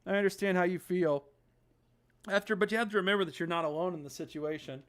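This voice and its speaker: A streamer reading aloud the lines of a calm, wise young woman from a story game, in a soft, measured voice. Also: medium pitch, pitched below the performer's own voice, close to an everyday voice.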